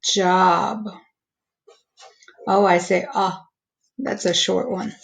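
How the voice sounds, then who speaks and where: A woman teacher slowly walking young students through a phonics lesson, stretching out each word's sounds. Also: on the low side, little pitch movement, gravelly, low-quality recording. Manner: slow, patient, stretching out each word sound.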